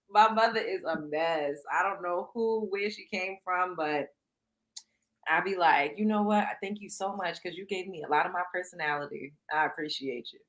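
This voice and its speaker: Young female host, bright tone, lively and loose, swears freely, laughs a lot. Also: lowish voice, a little slow, pauses often, poor audio. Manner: animated, laughs often, swears casually. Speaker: podcast host. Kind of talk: casual chat.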